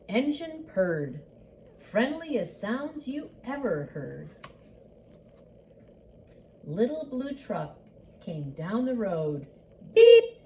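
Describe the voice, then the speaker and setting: An older woman reads a picture book aloud as a grandmother would, voicing the animal sounds as she goes. Her voice is mellow and soft, and her pitch rises and falls in a lively, sing-song way. The pace is slow and unhurried.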